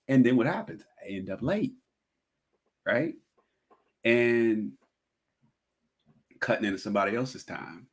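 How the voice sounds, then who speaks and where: Brief: low-voiced man, podcast guest, reflective and candid. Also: a little slow, long pauses, fairly bright tone. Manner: reflective, thinking aloud with many fillers. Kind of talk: casual podcast chat.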